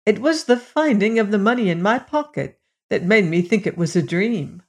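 A woman voicing a cheerful, honest old male piper in a storybook reading, with gently pleased, old-fashioned phrasing. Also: mid-range voice, animated, normal speed, lightly acted. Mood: grateful.

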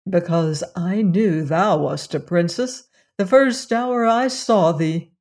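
A woman voicing a young prince, quiet and devoted, speaking solemnly in old-fashioned words. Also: lowish voice, slow pace.

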